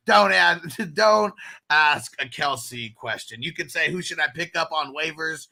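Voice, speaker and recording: A man's voice: on the high side, lively intonation, a little slow, vocal fry, sharp tone. A man hosting a casual fantasy football chat show, reading chat comments aloud and telling stories with lots of laughter. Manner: loose, laughing storyteller, reads chat aloud. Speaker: podcast host.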